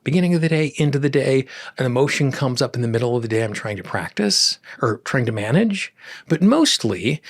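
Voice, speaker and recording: A calm man talks listeners through a tapping practice, his voice a little husky and breathy. He speaks in a reflective, unhurried way and often sinks soft and low at the ends of phrases. The sound is close and dry. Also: dry recording. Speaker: podcast host, tapping teacher. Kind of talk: instructional podcast monologue.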